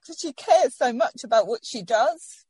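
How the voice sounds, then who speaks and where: A woman's voice: fairly high pitch, expressive, moderate pace, a little mellow, breathy edge, dry recording. A woman telling her personal story in an interview, heartfelt and rambling with many restarts, getting emotional.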